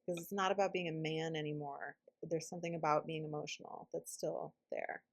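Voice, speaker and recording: A woman's voice: low-pitched, fairly even intonation, a little fast. A woman guiding a self-help tapping session, speaking reflectively and dropping to a whisper on some phrases. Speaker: EFT tapping practitioner.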